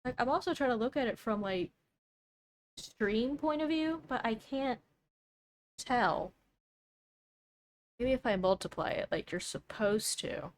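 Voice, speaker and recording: A woman's voice: a little high, a little slow, long pauses, slight background noise. A young woman streamer chatting casually while she draws, thinking aloud and doubting herself as she goes. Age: young adult.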